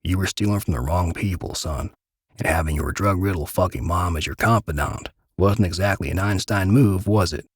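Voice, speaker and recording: A man's voice: low voice, moderate pace, breathy edge, no room sound, clean studio sound. A man voicing a big, guilty middle-aged man who stammers and pleads through tears in a dramatic story reading. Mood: confessing. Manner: stammering, tearful.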